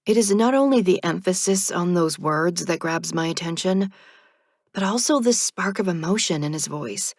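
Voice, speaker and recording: A woman reads a first-person audiobook in a measured, even manner, slow and low-pitched. Her voice is husky with a gravelly texture, and the close recording is dry. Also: dry recording. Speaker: audiobook narrator.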